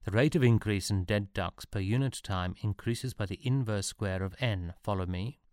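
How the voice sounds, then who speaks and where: A man voicing an eccentric male Prussian artillery officer who speaks in a brisk, deadpan way. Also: fairly low pitch, no room sound, clean studio sound, natural voice. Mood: lecturing.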